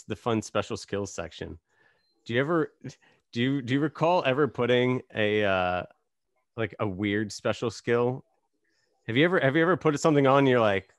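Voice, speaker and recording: A man's voice: medium pitch, dry recording, studio quality. A man hosting a podcast, chatting casually with an easygoing manner and laughing along with his guest. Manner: easygoing, many fillers and restarts, laughs along. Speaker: podcast host. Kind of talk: casual interview chat.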